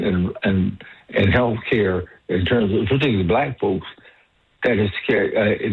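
A man calls in to a radio talk show with a husky, breathy voice that comes through a narrow, tinny phone line. His pitch sits on the low side. He talks with fervor, stumbling through repeated words and restarts as he builds his point. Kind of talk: passionate call-in commentary.

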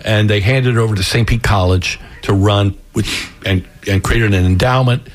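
A man's voice: fairly low pitch, moderate pace. A middle-aged man, an author and theater director, talking as an interview guest in a rambling way with repeated words. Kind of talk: interview guest reading his novel.

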